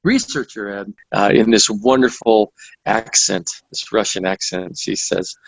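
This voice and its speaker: A man's voice: lowish voice, a little slow, no room sound, lo-fi sound. A man, an author and researcher, giving a radio interview as a guest, telling events in careful, detailed order. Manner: detailed, methodical storytelling.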